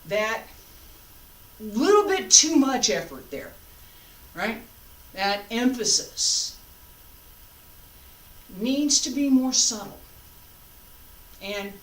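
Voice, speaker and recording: A woman leads a martial arts practice in a calm, deliberate way, counting out moves and correcting form. She speaks slowly, and her voice sits at a middle pitch. The recording is roomy and distant, with a faint hum of background noise. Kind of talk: class instruction with counted cues.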